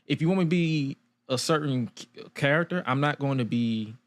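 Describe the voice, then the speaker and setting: A man's voice: medium pitch, a little fast. A young man hosting a podcast, telling stories in a loose, casual way with quoted asides. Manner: loose, storytelling with quoted asides and frequent laughs. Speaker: podcast host. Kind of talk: casual chat.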